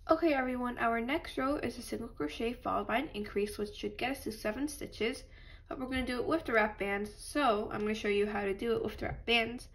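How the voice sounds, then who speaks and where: A woman with a stuffy nose from allergies, calmly talking through a step-by-step craft tutorial and apologizing now and then. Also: fairly high pitch, a little fast, vocal fry. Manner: patient, apologetic instructions.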